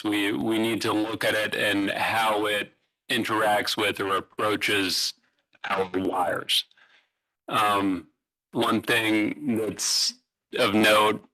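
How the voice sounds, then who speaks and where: Bright-toned man explaining utility tree trimming. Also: on the low side, poor audio. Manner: halting, fillers and restarts, explanatory. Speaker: utility presenter. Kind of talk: public meeting presentation. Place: city hall meeting room.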